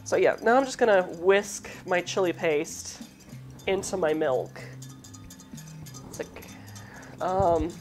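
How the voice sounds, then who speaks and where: A woman's voice: lowish voice, slow pace, long pauses, a little mellow, soft background music. Chatty woman, light Southern-Midwestern accent. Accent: light Southern mixed with Midwestern. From southern United States. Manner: chatty, rambling asides while cooking. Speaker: cooking show host. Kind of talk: casual cooking demo chat.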